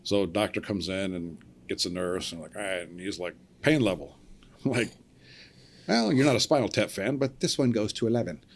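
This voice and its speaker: This is a middle-aged cable splicer guesting on a podcast, telling a story casually in a low voice at a moderate pace. He acts out the other people's voices and laughs along, with a slight hiss or hum in the audio.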